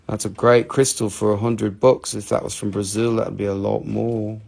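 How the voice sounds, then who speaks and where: A man's voice: fairly low pitch, flat delivery, moderate pace, vocal fry, hardly any pauses, darkish tone, husky. A man with a Southern US accent from North Carolina, hosting a live online crystal sales stream with joking, rambling salesman banter. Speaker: host selling crystals.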